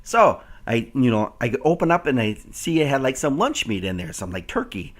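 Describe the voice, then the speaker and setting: A man's voice: mid-range voice, sing-song, normal speed, a little hiss or hum. A man hosting a casual chat, telling a funny story and mimicking baby talk to a dog. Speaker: host.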